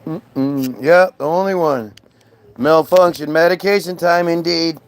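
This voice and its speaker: A man's voice: on the high side, unhurried, clean tone. A man ranting sarcastically and profanely on a live stream, mocking someone in chat. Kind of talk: heated live-stream rant.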